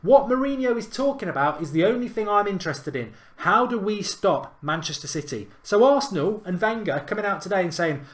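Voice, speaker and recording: A man's voice: sits high, very animated, fairly quick, a bit bright. Indignant man ranting about football. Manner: emphatic, indignant, repeats points for effect. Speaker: fan channel host. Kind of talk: opinionated football rant.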